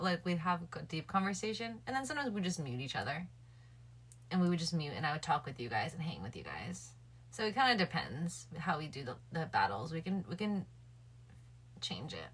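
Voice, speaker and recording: A woman's voice: deep voice, sing-song, moderate pace, fairly bright tone, husky. A woman livestreaming late at night, chatting casually with her viewers and thinking aloud. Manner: chatty, addresses her viewers and chat directly.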